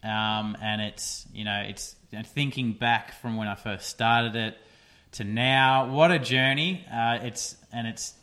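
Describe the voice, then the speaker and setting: A man's voice: mid-range voice, fairly even intonation, measured pace, bright, forceful tone. A young man hosting a casual podcast, chatty and rambling with lots of fillers. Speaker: podcast host. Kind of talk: casual solo podcast chat.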